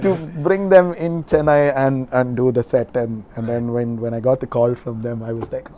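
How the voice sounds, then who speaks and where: A man, a podcast guest telling an animated story, laughing often and swearing casually. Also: mid-range voice, normal speed, slight background noise.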